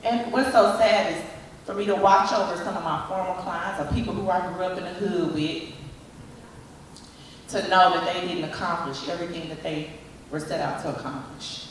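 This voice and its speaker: A woman motivational speaker giving an animated talk, coaxing audience volunteers with repeated calls. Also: lowish voice, moderate pace, slight background noise. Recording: echoey hall from far off.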